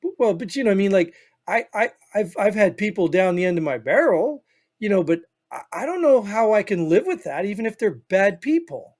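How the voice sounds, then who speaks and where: A high-pitched man with a Northern US accent rants his way through a casual podcast chat. He rambles and leans hard on his points, tossing in "you know what I mean" again and again. His voice sits noticeably high for a man. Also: very animated, brisk, darkish tone. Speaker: podcast co-host.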